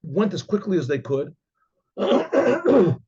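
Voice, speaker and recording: A man, a rabbi, telling a religious story in a halting way with many restarts and frequent throat-clearing. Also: high-pitched, huge pitch swings, mellow, lo-fi sound. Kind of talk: oral storytelling.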